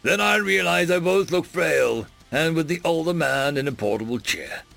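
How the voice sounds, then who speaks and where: A man reading stories aloud as narrator, expressive and dramatic. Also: on the high side, moderate pace, vocal fry, soft background music. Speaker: story narrator. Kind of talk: scripted story reading.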